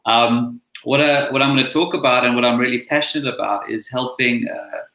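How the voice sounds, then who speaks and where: A man's voice: mid-range voice, steady tone, a little fast, pushed and bright, roomy sound, low-quality recording. A man from South Africa with a South African accent, a chiropractor telling his story in a casual interview over a video call. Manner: friendly, earnest, storytelling. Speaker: guest, chiropractor and coach.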